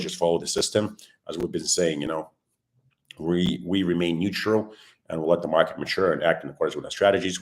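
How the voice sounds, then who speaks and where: A man hosting a crypto livestream with a sore throat, often clearing it, explaining his views calmly and greeting viewers by name. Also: deep voice. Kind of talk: casual livestream chat.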